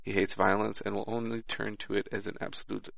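A man's voice: on the low side, level tone, fairly quick, gravelly, a bit bright, no echo, muffled recording. A man chatting about a tabletop game and reading his character notes aloud, with small stumbles.

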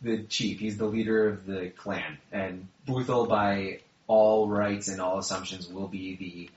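A man running a tabletop game, speaking slowly in a fairly low voice with lots of ums and laughs. The sound is dull and lo-fi, and the room is echoey. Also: fairly even intonation. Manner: laughing often, halting with fillers. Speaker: game master. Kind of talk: casual tabletop game chat.

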